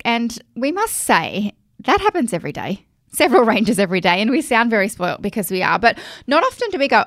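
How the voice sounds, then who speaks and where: A woman with an Australian accent, co-hosting a casual chat, chatty and animated with laughing asides. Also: a little high, brisk, no room sound, studio quality. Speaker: podcast co-host. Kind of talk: casual chat about skincare.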